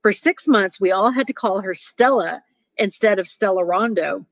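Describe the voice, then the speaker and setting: A woman reads a short story aloud with lively expression and breaks off for chatty asides to her listeners. Her voice sits at a middling pitch. The recording is dry and close, with no room sound. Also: normal speed, no echo. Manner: animated, laughs at the story. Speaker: reader.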